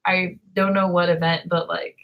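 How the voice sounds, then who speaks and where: A woman's voice: lowish voice, level tone, moderate pace, dull audio. A young woman from California co-hosting a casual chat, telling a story in a hesitant, rambling way full of "um" and "like.". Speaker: YouTube co-host.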